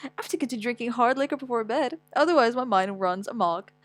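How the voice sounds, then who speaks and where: A young woman reading a manga aloud with dramatic, stammering delivery and wailing outbursts. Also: no echo. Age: young adult. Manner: animated, quick pitch swings, stammers, whiny wails. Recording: dry close mic with faint music.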